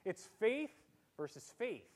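A pastor preaching a sermon, animated, using comic voices and heavy sarcastic emphasis to make his points. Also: high-pitched, slow pace. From Italian heritage. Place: church.

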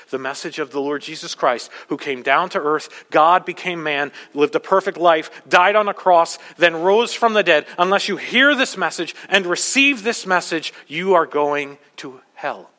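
A male pastor preaching a sermon with urgent emphasis, swinging from soft passages to loud ones. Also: fairly high pitch, lively intonation, normal speed, hardly any pauses, in a large hall. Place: church.

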